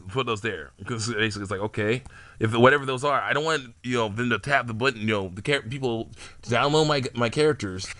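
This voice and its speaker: A man's voice: medium pitch, brisk, sharp tone, dry recording. A young man casually rambling about the game characters he makes, laughing often and restarting his sentences. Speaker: hobbyist game-character maker.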